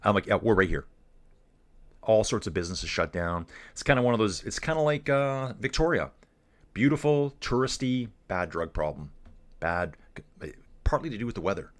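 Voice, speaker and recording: Chatty man, low voice. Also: very animated, moderate pace. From Canada. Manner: rambling, chatty, keeps calling viewers dude and guys. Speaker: live stream cycling commentator. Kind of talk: casual live stream commentary reading chat.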